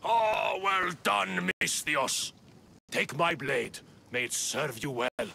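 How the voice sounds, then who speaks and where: An actor playing a loud, half-deaf old blacksmith in a video game, booming and gravelly. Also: male voice, slow, slight background noise, exaggerated voice. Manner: booming, mishears everything.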